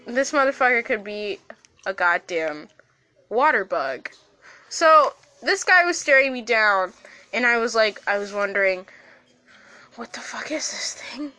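A teenage girl hosting a casual podcast, her voice bright and a little high. She swears freely and bursts into laughs as she talks. Soft music plays underneath. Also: big pitch swings, unhurried. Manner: loud, laughing, swears often. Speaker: podcast host. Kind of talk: casual chat.

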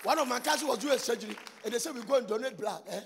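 A man preaching a sermon in a church, swinging between shouted and sung phrases and repeating lines for emphasis. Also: very high voice, rapid-fire, vocal fry, a little hiss or hum. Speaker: pastor. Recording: long reverb, faint music behind.

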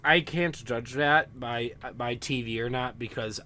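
A man's voice: medium pitch, measured pace, sharp tone. Young man chatting, faint background noise. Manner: hesitant, repeats words while thinking. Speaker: podcast co-host. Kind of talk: casual chat.

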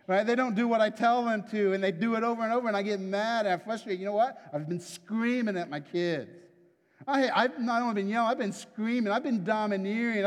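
A man preaching a sermon in a conversational, confessional way, often checking in with the listeners. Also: high-pitched. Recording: long hall reverb.

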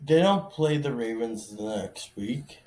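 A man's voice: medium pitch, lively intonation, measured pace, dark tone. A man co-hosting a podcast, teasing his friend in laid-back casual chat. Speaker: podcast co-host.

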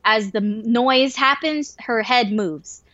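A woman telling a wild story in casual chat, swearing freely and getting animated and excitable. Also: fairly high pitch, slow pace, no room sound. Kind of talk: casual story told to a listener. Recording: dry, slightly dull lo-fi recording.

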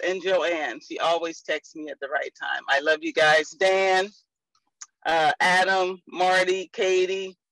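Excited woman on a video call. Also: on the low side, no echo, rough recording. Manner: excited, gushing. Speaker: insurance agent. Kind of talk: casual video call update.

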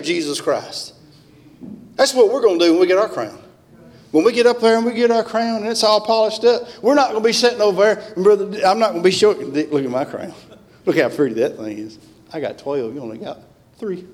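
High-voiced fervent preacher. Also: male voice. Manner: fervent, emphatic preaching that climbs on scripture. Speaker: guest revival preacher. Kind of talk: revival sermon. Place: church sanctuary. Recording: long church-hall reverb.

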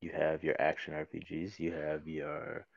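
A man's voice: a bass voice, monotone, moderate pace, creaky, dry recording, dull audio. A man talking casually about video games on a podcast, rambling with many fillers and restarts. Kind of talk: casual chat.

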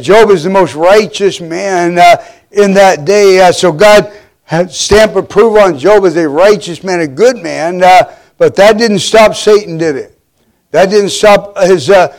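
A man preaching a sermon as pastor, earnest, full of fillers and rhetorical questions. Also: high-pitched.

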